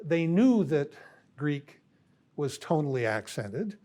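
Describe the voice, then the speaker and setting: An older man giving a university lecture in a thoughtful, unhurried way, often pausing with fillers. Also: on the high side, very animated, dark tone. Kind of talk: classroom lecture.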